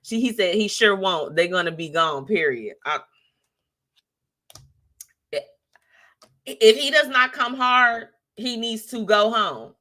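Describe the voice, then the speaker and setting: A woman hosting a live show in an easy, chatty way. She laughs often and throws in slangy asides. Her pitch jumps high and drops low as she reacts to viewer comments. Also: slow, pauses often, bright, forceful tone. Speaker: host.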